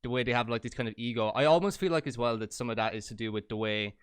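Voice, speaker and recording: Fast-talking podcast host, dry sound. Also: male voice, mid-range voice, smooth, no room sound. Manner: laid-back, swears casually. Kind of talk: casual podcast chat.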